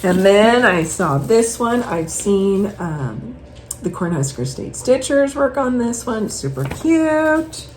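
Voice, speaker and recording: Woman, host, rambling chat, lively up-and-down pitch, faint background hiss. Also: takes it slowly, low-quality recording. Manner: chatty, rambling, animated storytelling. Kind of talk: casual chat, showing purchases.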